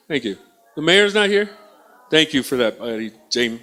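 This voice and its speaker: A man's voice: mid-range voice, big pitch swings, moderate pace, pushed and bright. A male stand-up comedian teasing and riffing with the audience from a small theatre stage. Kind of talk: stand-up crowd work.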